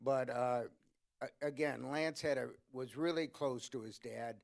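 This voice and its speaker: A man's voice: medium pitch, a little slow, vocal fry. A man leads an interview at a book event, casually setting up stories and asking questions. His voice sits in an ordinary middle range. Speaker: interviewer, co-author. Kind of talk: conversational interview.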